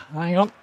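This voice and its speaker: A man's voice: sits high, a little mellow, husky. A middle-aged man, chatting casually to an action camera outdoors and laughing often at himself. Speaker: trail running vlogger. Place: outdoors on a trail.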